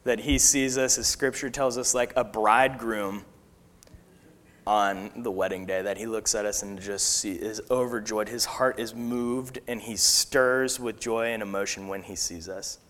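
A man preaching a sermon, telling a personal story in an earnest, halting way with fillers and restarts. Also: lowish voice, fairly even intonation, fairly bright tone, in a large hall.

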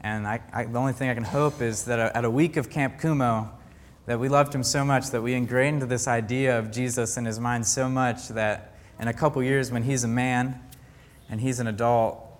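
A young man speaks earnestly to a gathered group, sharing a personal faith testimony. He stumbles and restarts often, searching for words as he goes. His mid-pitched voice carries a long reverb, as if it were filling a large hall. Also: steady tone. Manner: earnest, halting, with many restarts. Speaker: camp counselor giving a faith talk.

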